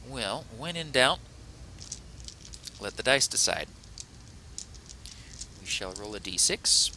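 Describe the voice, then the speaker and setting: A man's voice: fairly low pitch, very animated, moderate pace, pushed and bright, slight background noise, rough recording. A man hosting a let's play, chatting casually through the gameplay in a rambling, self-correcting, playful way.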